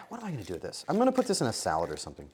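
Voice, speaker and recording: A male streamer in casual livestream chat, cooking as he talks. His voice swings up and down in a lively, animated way, and he bounces from joke to joke while teasing his chat. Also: mid-range voice, rapid-fire, slight background noise. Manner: playful, joking banter with chat.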